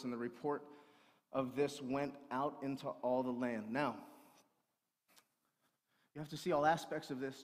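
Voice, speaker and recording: A male pastor preaching a sermon, swinging between forceful raised passages and quiet storytelling. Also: mid-range voice. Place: church sanctuary. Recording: long hall reverb.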